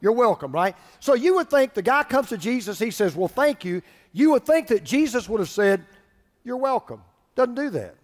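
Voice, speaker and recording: A man preaching a sermon as pastor, animated, swinging between loud passages and hushed ones. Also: very high voice, a little fast, hardly any pauses. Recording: hall reverb.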